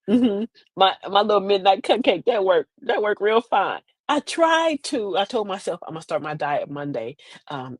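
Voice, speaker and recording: A woman's voice: medium pitch, dry recording. A woman, hosting a streamed show in a sassy, rambling comedic monologue. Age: 50s. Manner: chatty, sassy, rambling with repeated phrases.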